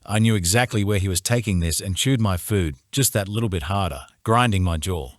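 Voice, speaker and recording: With a very low voice, a man narrates a romance novel from the first-person perspective, keeping a calm, measured storytelling pace. The recording comes from a studio and is close and dry, lacking any room sound.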